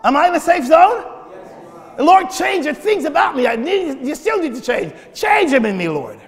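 A pastor delivers a sermon from the pulpit, stumbling over repeated words before bursting into shouted prayers. His voice sits very high for a man. The sound trails off in the long reverb of a big church hall. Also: sing-song, normal speed.

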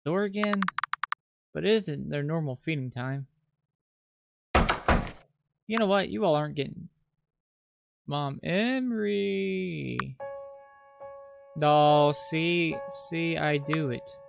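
A small, lonely child keeps an empty house going and stumbles over their words, as a streamer reads the game's lines. The voice has a creaky, gravelly edge. Loud piano music plays under it. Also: mid-range voice. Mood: wistful. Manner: halting, hesitant, repeats words. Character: lonely nonbinary child caring for a dark house. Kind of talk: reading game dialogue aloud.

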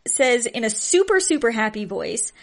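A woman's voice: on the high side, big pitch swings, normal speed. A young woman hosting a podcast, telling odd stories in a casual chat and often laughing in disbelief. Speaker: podcast host.

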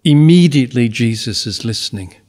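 An older Australian man, a bishop, giving a slow, reflective homily with pauses. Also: medium pitch, animated, darkish tone.

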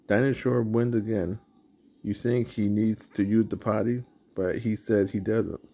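A man's voice: lowish voice, flat delivery, unhurried, warm tone. A man hosting his channel, reading a picture book aloud with roaring sound effects. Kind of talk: storybook read-aloud.

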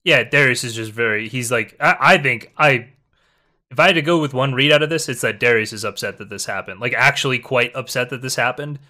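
A man's voice: medium pitch, brisk, bright, forceful tone. A man giving casual spoken commentary, talking things over at length while reacting to a stream. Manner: musing, explains at length.

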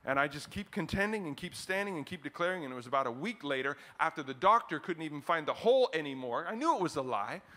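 A man pastor preaching a sermon, rising to loud declarations and dropping into a quiet, slower prayer. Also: fairly high pitch, animated. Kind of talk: closing prayer.

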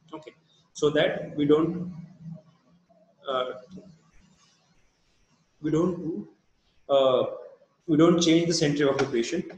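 Indian male lecturer, slightly high voice, hesitant delivery with many fillers, echoey room. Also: darkish tone. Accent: Indian English. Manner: halting, many fillers and restarts. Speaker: dental lecturer. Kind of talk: recorded lecture.

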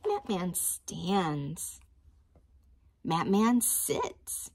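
A woman teacher reading a picture book aloud to young children, with a slow, expressive, sing-song storytime delivery. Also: mid-range voice, a little hiss or hum.

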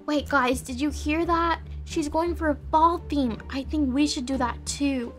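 High-voiced woman narrating a game. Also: fairly even intonation, a little slow, hardly any pauses. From Australia. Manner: chatty, soft, addressing viewers directly. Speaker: game role-play creator. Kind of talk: narrated game role-play talking to viewers. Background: faint music.

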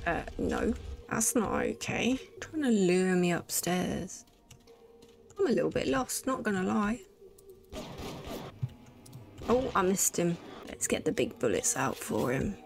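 A woman chatting through a let's play in an unhurried, gravelly voice, joking and muttering to herself as she plays. Her commentary is casual and playful. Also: lowish voice, big pitch swings. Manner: chatty, jokey, talks to herself.

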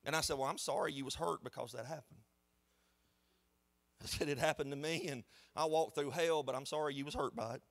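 Animated high-voiced pastor preaching. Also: male voice, fairly quick, vocal fry. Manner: animated, conversational preaching with storytelling. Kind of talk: sermon. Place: church sanctuary.

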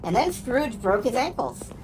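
Lively chatty woman streaming a game. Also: fairly high pitch, normal speed, over music. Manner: chatty, amused asides while playing. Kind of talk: let's play commentary.

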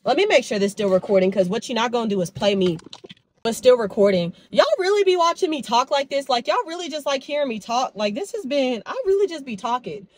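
A woman's voice: fairly high pitch, quick pace. A woman in her twenties chatting casually in a vlog, telling stories with lots of quoted back-and-forth, filmed on her phone in her car and at home. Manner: chatty, animated storytelling with quoted dialogue. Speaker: vlogger. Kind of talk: casual vlog chat to camera.

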